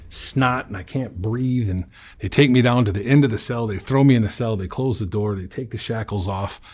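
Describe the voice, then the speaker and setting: A man's voice: on the low side, darkish tone. A man in a sit-down interview, candidly telling his life story in blunt, profane language. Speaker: interview guest.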